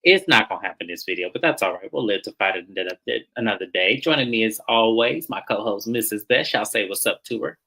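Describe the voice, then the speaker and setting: A man's voice: fairly low pitch, expressive, fast, gravelly, hardly any pauses, sharp tone, poor audio. A man hosting a reality show recap, talking casually in slang and mimicking the cast as he retells scenes.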